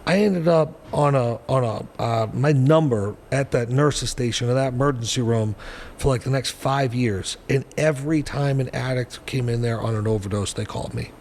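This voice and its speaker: Podcast guest, man in his forties, animated and foul-mouthed storyteller, faint background hiss. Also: mid-range voice, normal speed, in a large hall. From New Hampshire, US. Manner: blunt, profane, animated storytelling. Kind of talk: storytelling interview.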